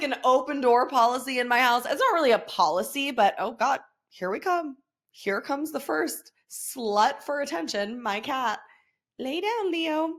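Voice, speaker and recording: A foul-mouthed woman in her thirties hosts a casual solo podcast rant. Her voice sits a bit high, and she laughs often and slips into quick impressions of her kid. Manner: profane, animated, laughing often, mimics her son. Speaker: podcast host.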